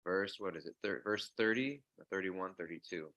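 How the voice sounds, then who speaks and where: A man with a fairly low but bright, forceful voice gives a morning scripture talk. He speaks in a loose, conversational way, full of restarts and asides, and slips into character voices when he tells stories. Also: normal speed, dull audio. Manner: conversational storytelling, acts out voices in anecdotes. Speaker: teacher giving a morning scripture class. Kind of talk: sermon.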